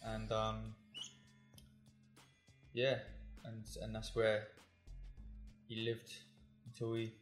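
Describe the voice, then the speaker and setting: A man's voice: fairly low pitch, completely flat delivery, drawn-out words, long pauses, soft background music. A man from north London, a podcast guest, telling stories in a rambling, hesitant way with many fillers. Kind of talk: casual interview chat. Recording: roomy echo.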